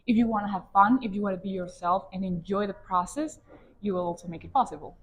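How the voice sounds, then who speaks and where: A woman's voice: medium pitch, quick pace, breathy edge, low-quality recording. A woman in her twenties from Venezuela, a native Spanish speaker with a Venezuelan accent, answering interview questions in an earnest, upbeat way. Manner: earnest and upbeat, second-language phrasing. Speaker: pageant contestant.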